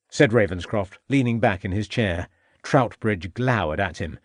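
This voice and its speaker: Male audiobook narrator, expressive, animated pitch, dry close sound. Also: normal speed, husky, dry recording. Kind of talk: scripted narration.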